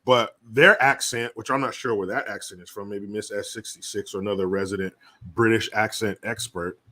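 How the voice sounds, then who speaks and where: A man's voice: on the low side, steady tone, a little fast, pushed and bright. A man hosting a livestream, reading out viewer messages and chatting loosely with lots of swearing and jokes. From United States. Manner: loose, swearing, jokey, slips into put-on voices. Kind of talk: casual profane livestream chat.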